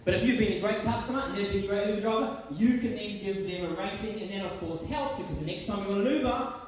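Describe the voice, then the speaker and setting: A man's voice: sits high, quick pace, a little hiss or hum. A man with a New Zealand accent giving a school worship talk as guest speaker, chatty and acting out little scenes in voices. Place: large school hall. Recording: echoey hall from far off.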